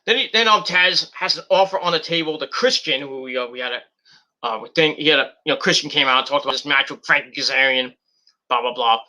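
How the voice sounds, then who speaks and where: A man's voice: fairly high pitch, fairly quick, sharp tone. A man casually reviewing a wrestling show, rambling with lots of fillers and mocking paraphrases of what people said.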